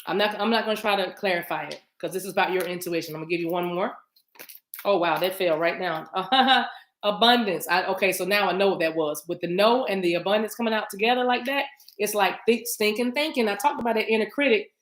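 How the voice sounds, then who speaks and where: A woman's voice: mid-range voice, fast talker, a bit bright. A woman giving a casual livestream tarot reading, chatty and affectionate, often laughing as she talks to her viewers.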